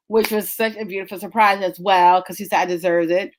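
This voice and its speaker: A woman's voice: medium pitch, steady tone, brisk, slight background noise. A woman, a podcast host telling a story in casual, chatty talk straight to her listeners. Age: 30s. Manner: chatty, addresses listeners as y'all.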